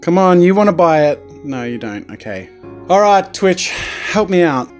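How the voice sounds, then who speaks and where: Excitable Australian man, lively pitch. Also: normal speed, faint music behind. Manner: excitable, joking, loud outbursts. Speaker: streamer and artist. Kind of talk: live-streamed let's play.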